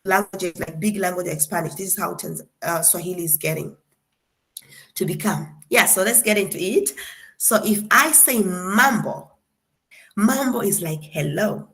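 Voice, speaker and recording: A young woman from Tanzania giving a casual classroom lesson. She drills each word slowly and deliberately, and keeps a playful, chatty manner. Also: on the low side, vocal fry, a bit bright. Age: young adult. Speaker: guest lecturer.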